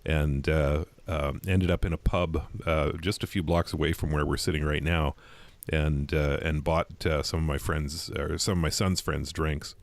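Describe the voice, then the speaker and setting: Very deep-voiced male co-host. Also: steady tone, normal speed, no room sound. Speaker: podcast co-host. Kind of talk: casual conversation.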